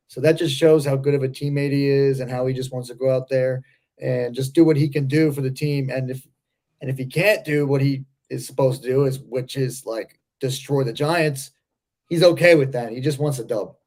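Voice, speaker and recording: A man's voice: mid-range voice, fairly even intonation, normal speed, a little mellow. An easygoing man co-hosting a sports podcast in casual chat. His voice sits mid-range and rambles along with loose fillers. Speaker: podcast co-host.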